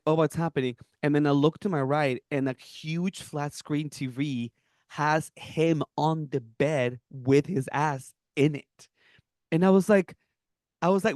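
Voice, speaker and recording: A young man from Peru co-hosting a podcast, telling a story in animated casual chat with lots of laughs and fillers. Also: on the high side, measured pace, dry recording, studio quality. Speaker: podcast co-host.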